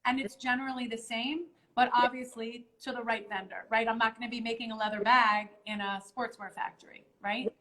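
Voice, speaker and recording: A woman's voice: fairly high pitch, steady tone, brisk, few pauses, bright, forceful tone, low-quality recording. Woman hosting a live stream, lots of ums. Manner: thoughtful, explains step by step with many ums. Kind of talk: casual live-stream chat.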